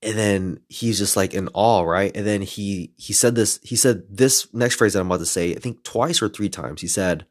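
A man's voice: lowish voice, normal speed, hardly any pauses. Jonge man met lage stem. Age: 20s. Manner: lively retelling with playful swearing. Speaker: podcast host. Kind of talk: casual storytelling monologue.

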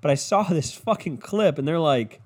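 A man's voice: on the high side, animated, moderate pace. A young man from Cleveland hosting a podcast, ranting in a profane, rambling, casual way. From Cleveland, Ohio. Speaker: podcast host. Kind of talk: casual comedic rant.

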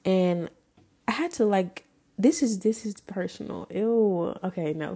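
In a measured, warm and husky mid-range voice, a woman in her twenties hosts a podcast and tells her own story in a personal monologue. She's candid and emotional, swearing casually as she goes.

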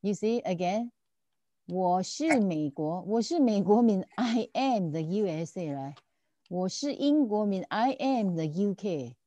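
A woman's voice: mid-range voice, animated, a little slow, warm tone, no room sound, lo-fi sound. A woman teaching a language lesson, patiently repeating and checking that her students follow. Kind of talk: online tutoring lesson.

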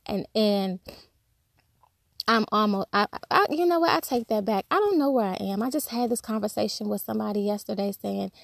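A woman's voice: medium pitch, steady tone, moderate pace, gravelly, no room sound, studio quality. A woman giving a conversational devotional talk, telling personal stories candidly and acting out the voices of people she quotes. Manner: acts out quoted speech. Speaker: Christian speaker.

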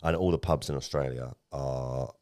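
Very deep-voiced man. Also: normal speed, no echo, clean studio sound. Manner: animated storytelling, swears often. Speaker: podcast co-host. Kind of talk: casual chat.

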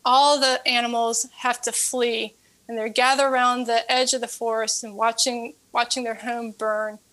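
An earnest fitness coach and author tells a story as a guest in an interview. Her voice is slightly high, level and fairly bright, and she moves at a moderate pace, often repeating words as she builds her point.

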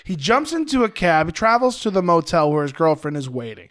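A man's voice: a little high, fairly quick. A man co-hosting a podcast, animatedly recapping a film in casual chat. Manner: animated storytelling with playful impressions. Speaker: podcast co-host.

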